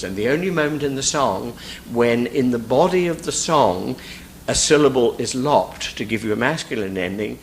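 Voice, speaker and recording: A man critic giving an analytical lecture in a hall. He pauses with frequent fillers and recites lines of verse aloud. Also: mid-range voice, expressive, a little hiss or hum. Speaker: literary critic giving a talk.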